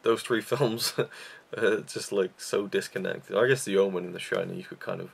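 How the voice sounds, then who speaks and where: A man's voice: deep voice, fairly even intonation, normal speed, gravelly, slightly rough. A young man chatting casually in a vlog about favorite films, rambling with lots of fillers and restarts. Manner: rambling, self-deprecating, frequent fillers and restarts. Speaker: YouTube reviewer.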